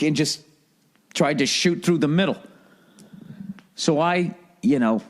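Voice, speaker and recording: A man's voice: medium pitch, a little mellow. A man streaming live, telling a rambling, profanity-laden story in casual chat. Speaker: livestreamer.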